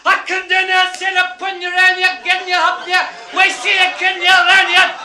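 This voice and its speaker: A man's voice: extremely high pitch, completely flat delivery, normal speed, reverberant, over a noisy crowd, voice pushed up. A man voicing a furious Scottish male prisoner who bellows and rages in a Scottish accent. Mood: raging shout. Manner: bellowing, raging. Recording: loud noisy live recording.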